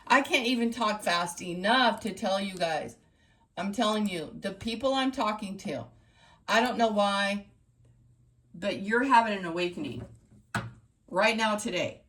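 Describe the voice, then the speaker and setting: A woman's voice: mid-range voice, a little slow, pauses often, a bit bright, slight background noise. A woman running a tarot reading channel, talking straight to her viewers in an emphatic, repetitive pep-talk style. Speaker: tarot reader.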